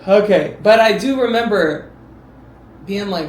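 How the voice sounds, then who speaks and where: A man streaming casually and reacting to videos, telling stories with sudden loud exclamations. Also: high-pitched, normal speed. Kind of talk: casual live-stream chat. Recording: roomy sound with faint background noise.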